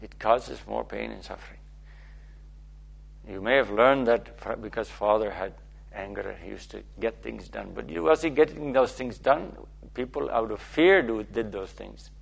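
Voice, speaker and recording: Male spiritual teacher, gravelly and a bit husky, playful and repetitive, keeps checking in with listeners. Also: fairly low pitch, normal speed. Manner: playful, repetitive, asks okay often. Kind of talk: spiritual talk.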